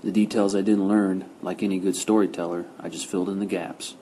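A man narrating a first-person crime novel with steady, gritty storytelling. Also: deep voice, a little fast, slight background noise, poor audio. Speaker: audiobook narrator.

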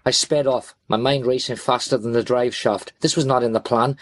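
A man's voice: medium pitch, fairly even intonation, normal speed, no echo. Gritty man narrating crime fiction. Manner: tense, gritty, expletive-laden. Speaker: audiobook narrator.

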